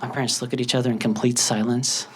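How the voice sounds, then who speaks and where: A young man doing a stand-up comedy set, telling stories and acting out characters with quick bursts. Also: medium pitch, crowd noise. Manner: animated storytelling, acts out characters in quick bursts. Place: comedy stage with a laughing audience. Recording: loud audience laughter and noise.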